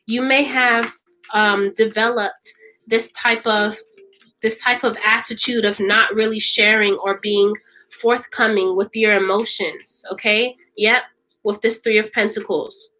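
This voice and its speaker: A woman's voice: on the high side, sharp tone, rough recording. A woman reading tarot cards for viewers in an emphatic, repetitive way, often checking in with "okay?". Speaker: tarot reader.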